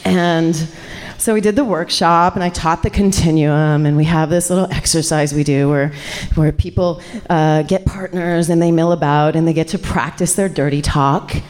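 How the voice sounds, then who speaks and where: Animated, low-voiced woman telling a live story. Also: moderate pace. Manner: animated, laughing, chatting with the crowd. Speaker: sexuality educator telling a story.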